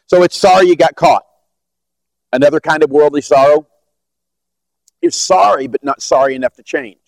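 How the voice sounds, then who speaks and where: A man's voice: on the high side, normal speed, vocal fry. A man with a slightly raised voice teaches a Bible lesson in a conversational way. He acts out little exchanges as he explains and often restarts his sentences. The sound is close and dry, with no room echo. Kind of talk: teaching Bible study method.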